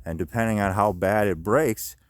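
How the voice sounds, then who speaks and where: A man's voice: lowish voice, normal speed, dry recording. A middle-aged man rambling on a phone vlog, swearing often and restarting his sentences. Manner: rambling, profane, lots of restarts and fillers. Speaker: vlogger. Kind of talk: casual rambling monologue. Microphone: handheld phone.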